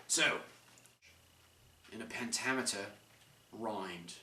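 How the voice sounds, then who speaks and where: A man's voice: lowish voice, a little slow, long pauses, bright, forceful tone. A young man narrating an amateur rhymed story in a playful, sing-song way. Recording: roomy, distant mic, faint noise.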